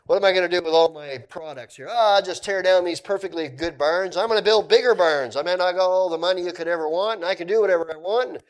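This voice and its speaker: A male preacher voicing a boastful, greedy rich man who gloats loudly over his wealth. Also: high voice, quick pace, few pauses, voice pushed up, natural voice. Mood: gloating.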